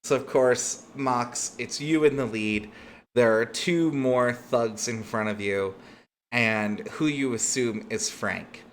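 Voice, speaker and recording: A man's voice: mid-range voice, slow pace, a little hiss or hum. A man narrating as game master in a tabletop game, talking casually with plenty of fillers.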